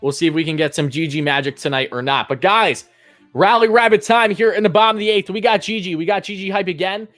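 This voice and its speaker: A man doing live play-by-play fan commentary, chatting with his viewers and swinging between calm pitch calls and loud outbursts. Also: fast, no room sound, soft background music.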